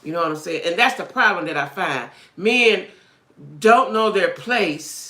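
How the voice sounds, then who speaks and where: Woman on a livestream, frank streetwise talk, bright tone, echoey room. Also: lowish voice, lively intonation, unhurried. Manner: frank, streetwise, keeps asking "right?" and "you know what I'm saying?". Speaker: livestream host chatting with viewers. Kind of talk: casual live chat about dating.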